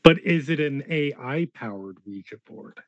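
A man's voice: medium pitch, expressive, normal speed, no echo, lo-fi sound. A man playing his character in a tabletop role-play game, talking in a rambling way and swearing freely.

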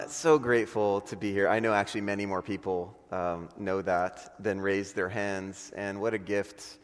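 A man from the western United States, a guest pastor, thanking a church and then reading scripture slowly and earnestly. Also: fairly low pitch, steady tone, clear, resonant tone. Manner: grateful, earnest, reads scripture slowly and deliberately. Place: church sanctuary. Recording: long church hall reverb.

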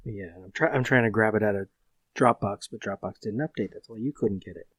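Husky, terse man co-hosting a podcast. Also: on the low side, fairly quick, fairly bright tone, dry recording. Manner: terse, dry replies. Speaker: podcast co-host. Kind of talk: casual chat.

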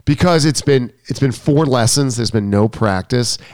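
A tennis coach talks in a casual podcast chat and tells his story with animation, acting out the lines of the conversation. His voice is medium in pitch and is recorded dry, close to the mic, with no echo. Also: moderate pace. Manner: animated storytelling, acts out quotes.

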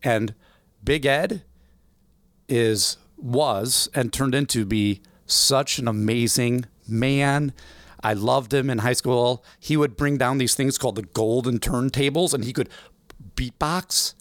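A man in his forties from the American Midwest, telling stories in an interview, animated and acting out voices in the quotes. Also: mid-range voice, takes it slowly, no room sound. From Illinois, USA. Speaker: guest. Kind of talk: storytelling interview.

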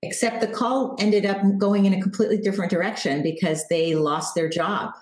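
A woman guest in an interview, speaking calmly and reflectively as she tells stories about marketing. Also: medium pitch, brisk, echoey room, poor audio. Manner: calm, reflective storytelling. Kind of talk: interview answers.

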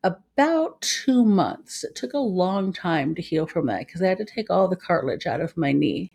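A woman's voice: on the low side, lively intonation, a little fast, creaky, darkish tone, husky. A woman co-hosting a podcast, chatting casually, laughing easily and reading stories aloud. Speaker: podcast co-host. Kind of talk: casual chat and story reading.

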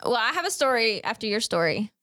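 A woman's voice: fairly high pitch, very animated, fast, sharp tone, no echo. Rambling woman telling a story, dry sound. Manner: rambling storyteller, lots of "like" and restarts. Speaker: podcast co-host. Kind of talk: casual chat.

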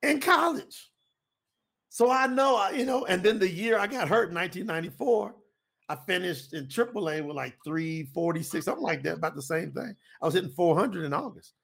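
Preacher, man in his 50s, high-pitched and lively, folksy, repeats himself for emphasis. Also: fairly quick, vocal fry. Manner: animated, folksy, repetitive. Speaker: preacher and co-host. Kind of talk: preaching talk to an audience.

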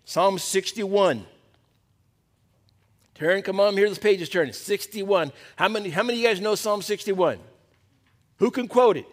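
A male pastor preaches to a men's Bible study in a lively, animated way, often calling questions out to the men. His voice sits a little high for a man. The sound rings with the long reverb of a hall. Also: moderate pace. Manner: animated, calls out questions to the group.

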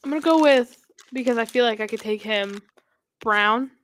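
A woman's voice: on the high side, normal speed. A woman co-hosting a sports podcast, talking playfully with hesitant ums. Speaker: podcast co-host. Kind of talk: casual chat.

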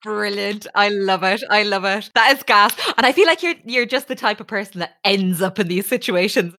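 A woman's voice: medium pitch, normal speed, bright, forceful tone. A woman, an upbeat podcast host wrapping up an interview. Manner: upbeat, enthusiastic. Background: music.

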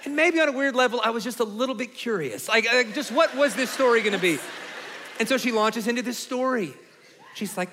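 A man in his forties, co-hosting and telling comic stories in an animated, laughing way. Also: extremely high pitch, brisk, in a large hall, noisy background. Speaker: co-host. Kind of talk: comic storytelling in conversation.

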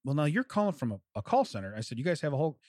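A man's voice: a little high, big pitch swings, rapid-fire, dark tone, no echo, studio quality. A man telling a long story in casual chat, acting out both sides of a phone call and laughing often.

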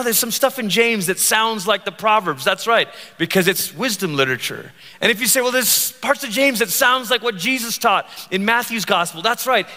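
A man preaching a sermon as pastor, animated and joking, acting out the voices he quotes. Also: high voice, long reverb tail.

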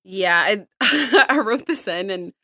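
A woman in her thirties from the United States, a podcast guest telling a work story in casual chat, blunt and lively, laughing often. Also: mid-range voice, takes it slowly, no echo, studio quality. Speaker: podcast guest, account manager.

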